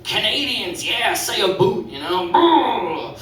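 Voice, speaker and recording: Man playing a swooning flirty woman, breathy high coo, big swoops in pitch, roomy distant sound. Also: sing-song, takes it slowly, a bit bright, full character voice. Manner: breathy cooing with a shivery "brr". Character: flirty lustful woman swooning over a foreigner.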